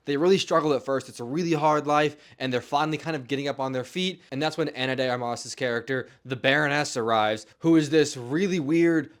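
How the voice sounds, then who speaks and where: Male movie reviewer, mid-pitched, casual and blunt, prone to exclamations.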